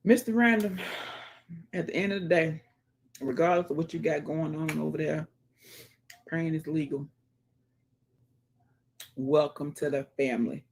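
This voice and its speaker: A woman's voice: low voice, measured pace, pauses often, breathy edge. A woman hosting a casual livestream, greeting viewers by name and chatting as she reads the comments. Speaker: livestream host.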